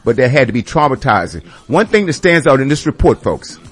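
This is a man hosting a radio segment, firing off an indignant, sarcastic rant. His voice is husky, and his pitch jumps around freely as he exclaims. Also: sing-song, a little fast. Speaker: radio show host. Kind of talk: ranting commentary.

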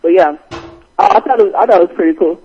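A man hosting a casual podcast chat, animated and quick to laugh. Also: sits high, crowd noise. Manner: animated, laughs often while retelling jokes. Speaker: podcast host. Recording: dull lo-fi recording.

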